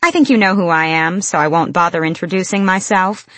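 A woman's voice: mid-range voice, very animated, normal speed, no room sound, voice pushed up. A woman voicing a wry, guarded young fae woman who talks in a teasing drawl.

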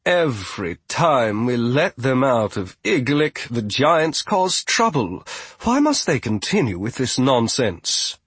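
A bossy, haughty witch, voiced by a male narrator, speaking with prim authority at a measured pace. The voice stays husky and dry, lifted a little above his own. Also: medium pitch, big pitch swings, a bit bright, no room sound, full character voice. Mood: exasperated. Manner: prim and imperious.

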